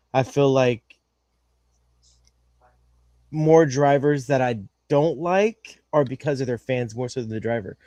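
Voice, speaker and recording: Co-hosting a racing podcast, this man has a mid-range voice with a dark tone, captured in a dry recording. The talk is casual chat, and he rambles along with many fillers and restarts.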